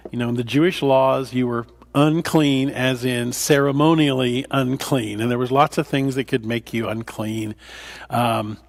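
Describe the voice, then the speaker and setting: A man's voice: medium pitch, creaky. A man, a pastor, leading a Bible study in a conversational way, with fillers and restarts, acting out the scripture dialogue. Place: church.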